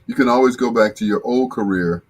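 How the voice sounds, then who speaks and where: Reading out comments from viewers, an older host of a laid-back live stream chats and jokes in a deep, husky voice, talking a little fast.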